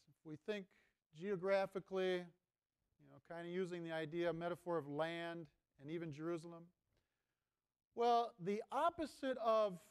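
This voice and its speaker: A priest delivers a homily in a conversational preaching style and keeps asking his listeners questions. His voice sits high for a man and comes out clear and ringing. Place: seminary chapel.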